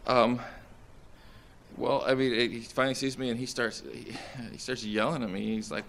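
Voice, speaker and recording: A young man, a soldier in therapy, recounting combat in a halting, distressed way with many restarts and fillers; he sounds shaken and nauseous. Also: medium pitch, steady tone, vocal fry, a bit bright, a little hiss or hum.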